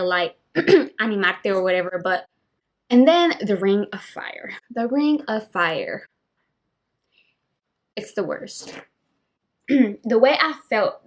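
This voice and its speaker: A woman's voice: mid-range voice, a bit bright. A young woman telling a personal story in a candid vlog, switching between English and Spanish mid-sentence with emphatic, emotional retelling. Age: young adult. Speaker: vlogger.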